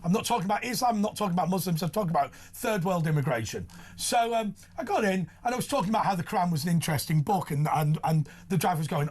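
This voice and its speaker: Husky, lively-voiced talk host. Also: male voice, high voice, quick pace, few pauses. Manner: blunt, provocative, laughs at own jokes. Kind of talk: opinionated talk show banter.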